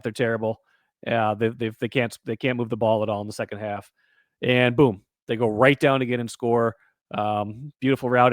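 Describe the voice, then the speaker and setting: A man hosting a sports podcast who recaps a football game in a casual, animated way and asks lots of rhetorical questions. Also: mid-range voice, no room sound, clean studio sound. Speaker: podcast host.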